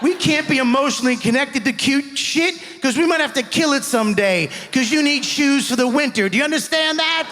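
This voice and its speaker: A young man performing a stand-up set on stage, animated, shouting punchlines and acting out voices. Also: extremely high pitch, brisk, hardly any pauses. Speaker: stand-up comedian. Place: comedy club stage before a live audience. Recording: live stage audio with long hall reverb.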